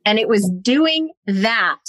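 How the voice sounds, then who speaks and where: Animated, fairly high-voiced woman storyteller. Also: slow, no echo. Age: adult, parent of a young son. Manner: animated, acts out her own and others' quoted lines. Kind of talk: personal storytelling in podcast conversation.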